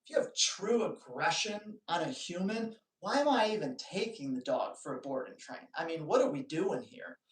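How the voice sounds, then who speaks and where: Male live-stream host, lively and joking, recorded at a distance in an echoey room. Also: a little high, normal speed, few pauses. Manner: animated storytelling, joking asides. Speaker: dog trainer hosting a live Q&A. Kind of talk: casual live-stream talk.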